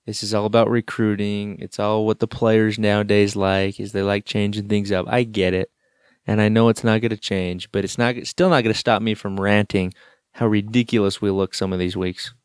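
A man's voice: on the low side, little pitch movement, normal speed, clean tone, no room sound. A man co-hosting a casual sports talk show, ranting with dry sarcastic jokes. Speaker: co-host.

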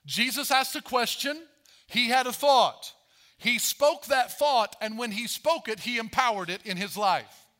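A man preaching a sermon as pastor, animated, acting out Bible voices as he tells the story. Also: very high-pitched, unhurried.

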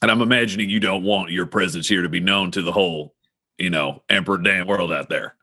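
Brief: male game master, chatty narration, low bright voice, dry close mic. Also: a little fast, no room sound. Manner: relaxed, chatty narration with fillers.

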